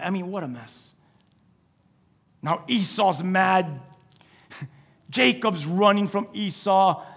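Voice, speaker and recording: A male pastor with a high voice preaches with lively storytelling, acting out each character in the scripture. He swings from loud, excited exclamations to quiet, hushed asides. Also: slow, creaky, pauses often, slightly rough. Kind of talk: sermon.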